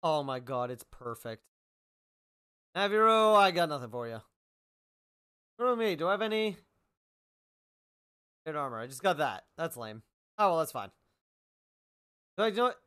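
Man, game streamer, playful, jokey commentary, high voice, very lively pitch. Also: normal speed, pauses often, clean tone. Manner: playful, jokey, talks back at the game characters; goofy, repeats lines for comic effect. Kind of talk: live gaming stream commentary.

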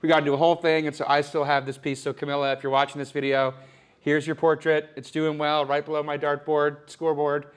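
Speaking fast and flat, with a higher, clear, resonant, natural voice, a young man plays a comedic character showing off his loft. The bit is an improvised home-tour parody in which his smug, oblivious rich guy rambles, boasts, and gets mock-sentimental while moving room to room.

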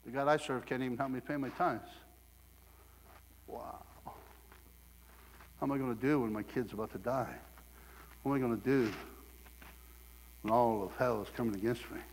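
A middle-aged man from Southeast Ohio preaching a sermon, telling stories with lively acted quotes and laughter. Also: mid-range voice, normal speed, long pauses, in a large hall, slight background noise.

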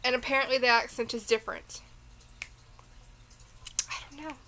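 A woman's voice: on the high side, steady tone, moderate pace, bright, forceful tone, low-quality recording. A tired woman with a Southern accent, rambling through a casual beauty unboxing chat full of tangents. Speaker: beauty vlogger.

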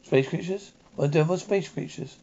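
A man's voice: a little high, brisk, creaky, warm tone. A man playing a desperate, paranoid murderer in custody, turning accusing and frantic. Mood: scornful. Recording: dull lo-fi recording.

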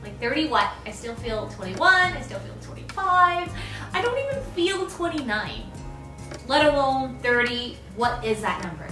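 A woman of thirty in a casual birthday vlog, gushing and gasping with excitement as she unpacks and tries on outfits. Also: high-pitched, normal speed. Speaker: vlogger. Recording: echoey room, mic at a distance, loud music. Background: music.

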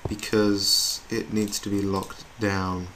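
A man's voice: lowish voice, level tone, takes it slowly. A young man chatting in a rambling, self-mocking way as he plays a video game. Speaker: gamer. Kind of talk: gameplay commentary. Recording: noisy home recording with keyboard clicks.

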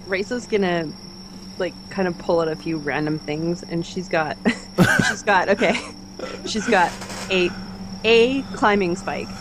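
A woman's voice: fairly low pitch, measured pace, noisy background. A woman playing a tabletop game in casual chat, hesitant and giggly. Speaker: player. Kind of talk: tabletop role-play chat.

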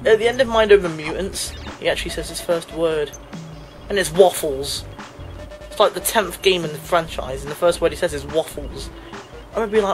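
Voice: medium pitch, moderate pace, rough recording. A let's play commentator chatting casually over gameplay, breaking into frustrated outbursts and laughing at himself. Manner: self-mocking, laughs at himself. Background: game music.

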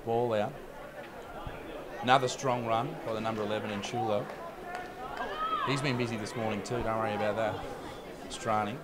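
A man giving fast, jokey play-by-play commentary on a rugby league match from a commentary box. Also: on the low side. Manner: rapid, excitable, jokey play-by-play. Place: commentary box at an outdoor ground. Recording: loud crowd and outdoor noise.

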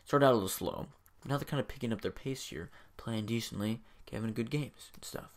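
A young man hosting his own video, making casual sports predictions with hyped, energetic bursts. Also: mid-range voice, brisk. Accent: says he has a strange accent. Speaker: video host.

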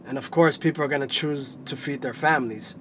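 A man's voice: mid-range voice, brisk, a bit bright, slight background noise. Plain-spoken man from New Jersey. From northern New Jersey. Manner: plain-spoken, explaining with examples. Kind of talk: casual talk to camera.

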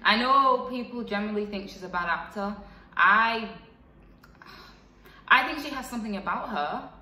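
A woman's voice: mid-range voice, expressive, normal speed, bright, forceful tone, distant mic. A young woman in her twenties, chatting frankly in a casual vlog, with lots of fillers. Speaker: vlogger. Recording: echoey room, voice a bit off-mic.

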